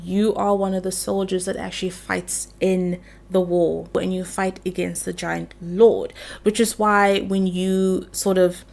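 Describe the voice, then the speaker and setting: A woman's voice: medium pitch, gravelly. Chatty young woman vlogging game lore. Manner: chatty, playful, swears casually. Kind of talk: casual lore chat while doing makeup.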